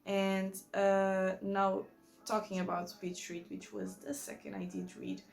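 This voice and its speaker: Woman with a gravelly fry voice, non-native english speaker, rambly book chat, keeps correcting herself, soft music under it. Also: mid-range voice, little pitch movement, unhurried. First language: not English. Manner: rambling, self-correcting, enthusiastic. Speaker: book vlogger. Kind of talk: casual book review chat.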